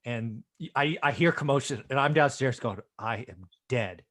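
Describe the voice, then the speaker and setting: A middle-aged man with a typical male pitch hosts a casual conversation, his voice expressive and a bit bright at a moderate pace. He pokes fun at himself while retelling a family story, tacking "right?" onto his sentences as he goes.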